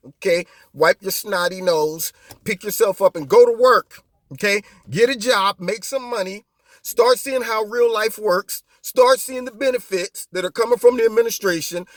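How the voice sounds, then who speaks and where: A man with a high, bouncing voice delivers his opinions in an animated, mocking manner. He fires off rhetorical questions and swings his pitch widely. The sound is close and dry. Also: dry recording. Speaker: host of a political commentary show. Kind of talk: opinionated political commentary.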